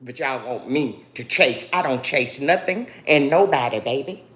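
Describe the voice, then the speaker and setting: A vlogger speaks directly to her viewers in an emotional monologue, grieving and angry, defiant and preachy, repeatedly calling them "baby." Her voice is extremely low and expressive, at a normal speed.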